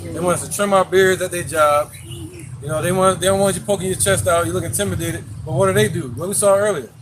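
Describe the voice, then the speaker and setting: Fast-talking high-voiced man in discussion. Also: fairly even intonation, noisy background. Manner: quick, questioning, conversational. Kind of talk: casual religious discussion.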